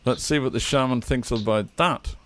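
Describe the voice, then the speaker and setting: A man in a relaxed, easygoing manner, narrating and ruling as game master of a tabletop game played online. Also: mid-range voice, normal speed, no echo.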